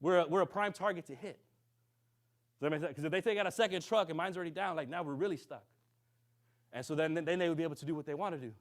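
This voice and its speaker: A man preaching to a congregation. He tells a story with lively, acted-out dialogue and keeps checking in with his listeners. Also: a little high, fast talker, long pauses. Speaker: minister. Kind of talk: sermon storytelling.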